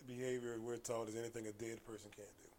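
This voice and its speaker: A man's voice: medium pitch, fast talker, a little hiss or hum. A man, a martial arts coach, telling stories casually as a guest and acting out the people in them, sometimes dropping to a whisper. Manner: animated, acts out voices, drops to whispers. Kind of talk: casual storytelling.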